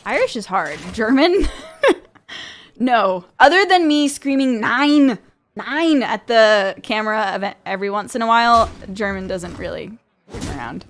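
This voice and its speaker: A woman's voice: medium pitch, animated, normal speed, slight background noise. A young woman streaming a card game in chatty, think-aloud commentary with frequent laughter. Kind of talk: casual gameplay commentary.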